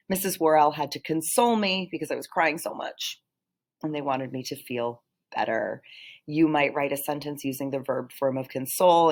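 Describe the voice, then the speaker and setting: Woman teacher, deep voice, patient explainer for a recorded vocabulary lesson. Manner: patient, explanatory, with frequent "um" and throat clearing. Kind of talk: vocabulary lesson over slides.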